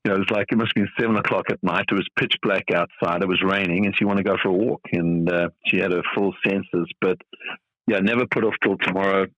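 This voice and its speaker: A middle-aged man from South Africa speaks as a podcast guest in a very low voice. He talks in a thoughtful, rambling way, full of fillers. The sound is dull and dry. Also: fairly even intonation, fast talker, fairly bright tone, no room sound. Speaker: tennis coach guest. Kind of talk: reflective podcast interview.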